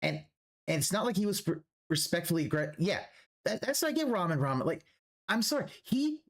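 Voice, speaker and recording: A man's voice: high-pitched, lively intonation, a little fast. A man streaming a reaction, ranting profanely and restarting his sentences as he goes. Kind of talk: livestream reaction commentary.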